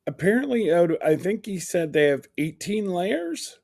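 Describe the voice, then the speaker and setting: A co-host chatting casually on a live stream in a relaxed, laid-back way. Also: medium pitch, moderate pace, creaky.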